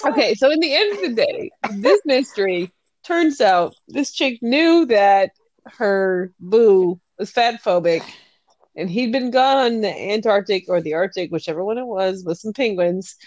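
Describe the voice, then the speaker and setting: A woman's voice: medium pitch, animated, unhurried, a little mellow, dry recording, rough recording. A woman co-hosting a podcast, chatting casually and retelling a story with lots of giggling. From Scandinavian heritage. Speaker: podcast co-host. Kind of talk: casual chat.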